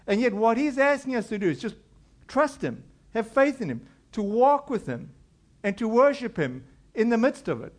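A man's voice: very high-pitched, very animated, normal speed. A middle-aged male pastor preaching a conversational sermon, acting out quoted voices as he goes.

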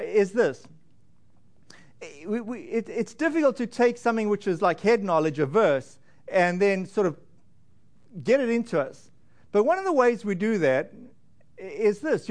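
A man preaching as a pastor in church, gentle and halting, with frequent restarts and fillers. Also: sits high. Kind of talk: sermon.

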